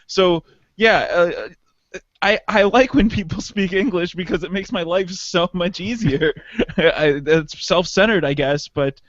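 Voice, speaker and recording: Man, podcast co-host, animated storyteller, slightly high voice, dry dull sound. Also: measured pace, dry recording. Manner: animated storyteller, mimics voices with big pitch jumps. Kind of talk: casual chat.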